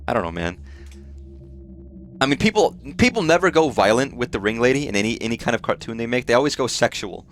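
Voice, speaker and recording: A man's voice: medium pitch, sing-song, fast talker, a little hiss or hum. A man streaming a game live, chatting casually in a rambling way, swearing often and full of fillers. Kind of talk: casual live gameplay chat.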